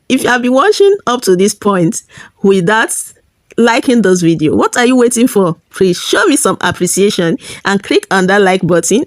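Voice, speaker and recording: A woman narrating a family folktale as host of her storytelling channel, steady and plain, with small slips. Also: fairly low pitch, dry recording.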